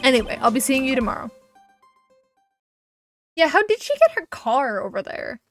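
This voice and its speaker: A woman's voice: high voice, sing-song, normal speed, dry recording, soft background music. A woman streaming a video game, chatting casually and rambling with lots of fillers. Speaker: gaming streamer. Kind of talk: casual let's-play commentary.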